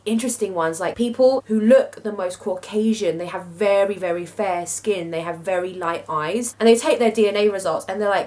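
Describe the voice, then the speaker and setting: A woman's voice: medium pitch, expressive, fairly quick, hardly any pauses, a little mellow. A woman vlogging to camera in casual chat, musing aloud and often saying "like". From Philippines. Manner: chatty, musing, frequent "like".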